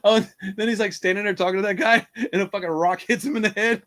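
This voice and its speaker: A man's voice: sits high, steady tone, fast, fairly bright tone. A man chatting casually about a horror movie, hyper and tired, swearing often, laughing a lot and acting out scenes. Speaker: podcast co-host. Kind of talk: casual movie review chat.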